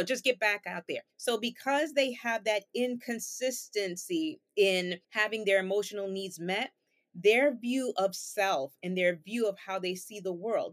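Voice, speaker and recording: Woman therapist explaining with everyday examples. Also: mid-range voice. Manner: patient, explains with examples and rhetorical questions. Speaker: guest therapist. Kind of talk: explanatory interview talk.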